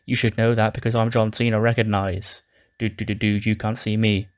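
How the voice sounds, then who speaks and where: A man voicing a boastful veteran male wrestler in brash, swaggering promo talk, in a low, flat voice. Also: fairly quick, smooth, natural voice.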